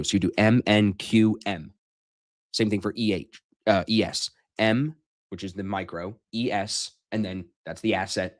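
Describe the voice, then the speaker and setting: Male stream host, lowish voice, loose and profane, casual chat over a computer mic. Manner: loose, joking, swears casually.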